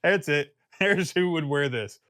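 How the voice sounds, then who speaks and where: A man's voice: fairly high pitch, animated, a little slow, fairly bright tone, no echo, studio quality. A man giving a casual video review of a fragrance, rambling and joking and often breaking off mid-thought. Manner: rambling, self-interrupting, jokey.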